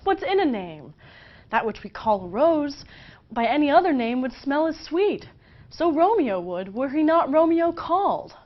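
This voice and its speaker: A woman's voice: high voice, very animated, a little slow, voice pushed up. A woman voicing young Juliet, declaiming verse dramatically in a raised voice. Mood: impassioned. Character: young lovestruck girl Juliet, impassioned. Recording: slightly dull lo-fi recording.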